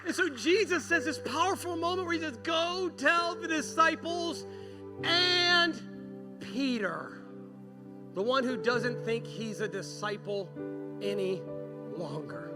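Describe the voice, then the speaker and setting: A man delivering a sermon with a notably high-pitched voice, telling the story with lively acted-out dialogue. Music plays clearly underneath him the whole time. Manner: animated storytelling, acting out quoted dialogue. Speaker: pastor. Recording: music playing behind.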